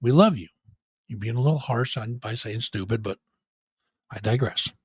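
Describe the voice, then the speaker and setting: A man's voice: mid-range voice, moderate pace, husky, no echo, studio quality. A man hosting a live rock show stream, joking and profane, playing up a mock apology. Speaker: podcast host.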